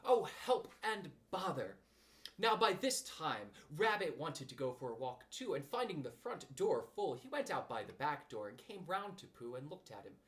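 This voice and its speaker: A man reads a children's storybook aloud with animated expression. His voice sits a little high and swings widely in pitch. The reading is lively and playful throughout. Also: normal speed, hardly any pauses. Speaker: audiobook reader.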